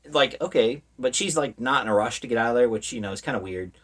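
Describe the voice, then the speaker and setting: A man's voice: mid-range voice, a bit bright. A man giving a casual spoken movie review, rambling through the plot with lots of fillers and wry, sarcastic asides.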